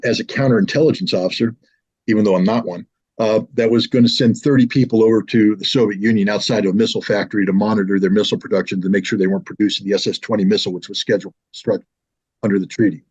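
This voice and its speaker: A man in his sixties from the United States, telling a personal story in a casual, animated way on his own show. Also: lowish voice, slightly rough. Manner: animated, with lively mimicry of others. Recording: slightly dull lo-fi sound.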